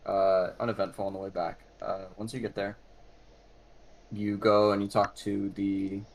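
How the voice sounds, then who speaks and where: Hesitant, lower-voiced game master. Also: male voice, level tone, unhurried. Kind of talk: narrating a tabletop game.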